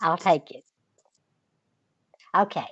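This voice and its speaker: An older woman with a Southern accent, a guest in a relaxed interview, talking in a slow, patient drawl with a slightly girlish voice. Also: fairly low pitch, slightly rough, no room sound, muffled recording. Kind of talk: casual interview chat.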